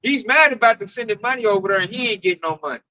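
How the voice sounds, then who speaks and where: Bright, animated man telling stories. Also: sits high, rapid-fire, a little hiss or hum, rough recording. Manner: animated, acts out coworkers' voices. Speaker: speaker at a group discussion. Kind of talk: casual storytelling chat.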